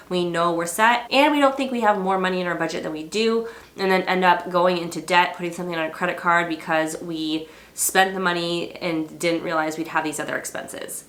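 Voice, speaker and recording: Nasal, stuffed-up woman vlogger, bright tone. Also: fairly low pitch, reverberant. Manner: chatty, upbeat, rambling with fillers. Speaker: personal finance vlogger. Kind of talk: casual talk to camera.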